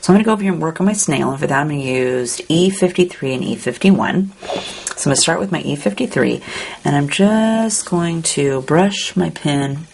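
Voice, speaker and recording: A woman calmly talking through a step-by-step card-coloring tutorial, describing each stroke as she works. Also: low-pitched, normal speed, gravelly. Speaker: card-making instructor.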